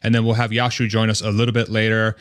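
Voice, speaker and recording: A man hosting a casual live stream, upbeat and quick to laugh, sometimes tripping over his words. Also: lowish voice, completely flat delivery, a bit bright, smooth.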